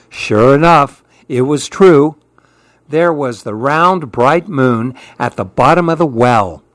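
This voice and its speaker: A man reading children's storybooks aloud with an expressive, lilting delivery. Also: mid-range voice, no echo.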